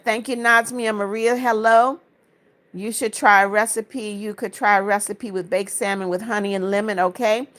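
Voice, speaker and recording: A woman's voice: medium pitch, fairly bright tone. A woman from Florida hosting a casual livestream, reading viewers' comments aloud and answering each with friendly greetings and blessings. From Florida, United States. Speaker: livestream host.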